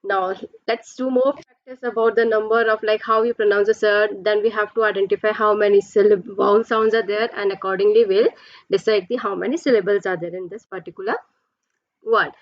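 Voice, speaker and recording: A woman's voice: medium pitch, steady tone, a little fast, no room sound, highs cut off. A woman teacher giving a pronunciation lesson, explaining patiently step by step and drawing out her example words.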